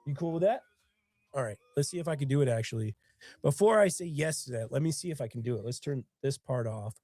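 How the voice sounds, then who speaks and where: A man's voice: medium pitch, expressive, fast talker, warm tone, no echo. A man with bronchitis, sniffling as he hosts his own live stream in casual chat. He tells stories earnestly and emotionally, with a lot of rambling.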